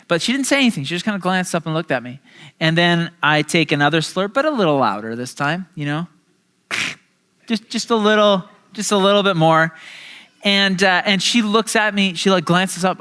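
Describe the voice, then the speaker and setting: A man's voice: high voice, animated, normal speed, pushed and bright, clear, resonant tone. A male pastor preaching a sermon in a casual, chatty storytelling way with lots of fillers and restarts.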